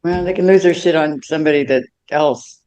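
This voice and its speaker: A woman's voice: deep voice, fairly quick, mellow. A woman co-hosting a casual political livestream, rambling and trailing off in the middle of her sentences. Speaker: livestream co-host.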